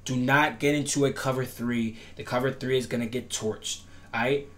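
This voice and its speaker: A gaming tutorial creator explains defensive setups in a casual gameplay video, speaking in a steady, fairly bright, medium-pitched voice at a moderate pace. He is instructive, repetitive, and full of emphatic promises, and his voice cracks at times.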